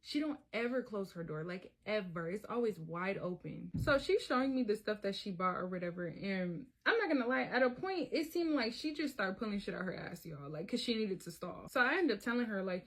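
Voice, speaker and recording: A woman's voice: medium pitch, big pitch swings, fairly quick, few pauses. A woman telling a personal story in a casual, profane way, often talking to viewers as y'all. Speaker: storyteller vlogger.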